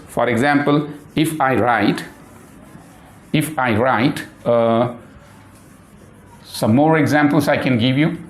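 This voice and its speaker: A man whose first language is Urdu teaching a phonics lesson in English, spelling words out letter by letter and repeating himself often with many fillers. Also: medium pitch. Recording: echoey room.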